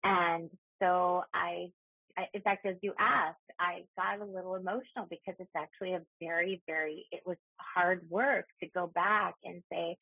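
A woman in a podcast conversation, speaking reflectively and slowing down at emotional points. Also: fairly low pitch, steady tone, creaky, husky, no room sound. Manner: reflective, slows down when emotional. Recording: tinny phone-like line.

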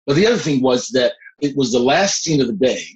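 Brief: middle-aged man, reflective and animated storyteller, mid-pitched voice, relaxed interview tone. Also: fairly quick, lo-fi sound. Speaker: guest actor.

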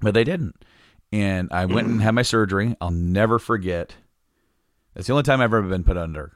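A man's voice: on the low side, fairly quick, no echo, studio quality. A man telling a long personal story in casual chat, rambling and restarting sentences, laughing often. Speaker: podcast guest telling a story.

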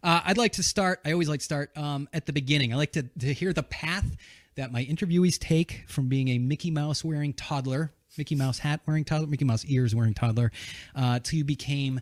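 A man's voice: a little high, fairly quick, dry recording, clean studio sound. A man from New Hampshire hosting a podcast, chatty and laughing as he interviews a guest. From New Hampshire, USA. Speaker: podcast host. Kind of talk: casual banter and interview.

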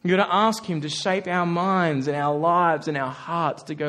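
A man preaching a sermon, animated and conversational, often acting out the voices of the people he quotes. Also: a little high, normal speed, hardly any pauses.

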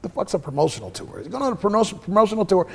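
Very fast and high-voiced, gravelly and slightly rough, a middle-aged musician tells stories in a casual interview. He's profane and animated, acting out the dialogue he quotes.

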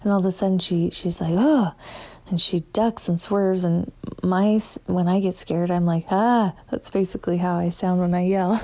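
A woman telling a personal story in a casual way. She often drops into a hushed whisper and acts out her own lines with lively quotes. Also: on the low side, moderate pace. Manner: animated, quotes herself in a lively voice.

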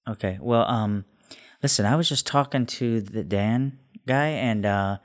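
A man's voice: fairly low pitch, a little slow, natural voice. A man voicing a simple-minded male adventurer who loves food, talking in a dopey, distracted, cheerful way.

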